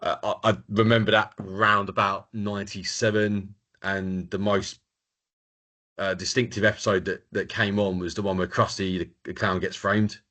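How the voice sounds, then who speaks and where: A man co-hosting a casual podcast chat, stumbling and repeating words as he talks. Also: fairly low pitch. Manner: halting, repeats words, animated. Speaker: podcast co-host.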